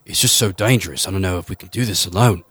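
A man's voice: sits low, fast talker, a bit bright, husky, no room sound. A man voicing a timid, worried male rebel fighter in a tabletop game. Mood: fearful. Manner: hesitant, worried.

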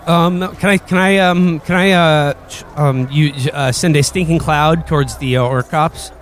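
Halting man player at a tabletop game. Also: on the high side, steady tone, faint music behind. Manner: halting with stammers. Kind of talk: casual tabletop play.

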